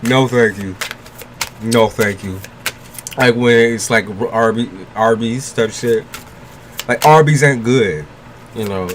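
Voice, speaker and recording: A man's voice: mid-range voice, slow pace, long pauses, a little hiss or hum. A man giving a tarot reading on a livestream in casual chat with viewers, loose, joking and profane, blunt with his advice and laughing often. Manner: blunt, gives frank advice.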